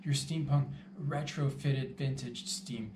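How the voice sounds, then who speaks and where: A man's voice: medium pitch, fairly even intonation, slow, far from the mic. A man hosting his own show, talking in a rambling, playful, self-mocking way and swearing freely. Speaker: host. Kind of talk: casual comedic monologue. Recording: echoey room, voice from off the mic, noisy background.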